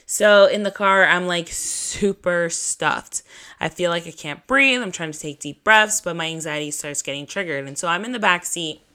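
A woman's voice: on the low side, moderate pace, bright, forceful tone, clean tone. A woman hosting a podcast who tells a personal story in a casual, chatty way. She swears freely, leans on "like", and laughs at herself between lines. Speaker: podcast host.

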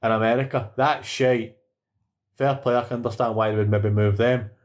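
A man's voice: medium pitch, fairly even intonation, normal speed. A man with a Scottish accent, co-hosting a podcast and ranting bluntly with plenty of swearing in casual chat about fights. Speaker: podcast co-host.

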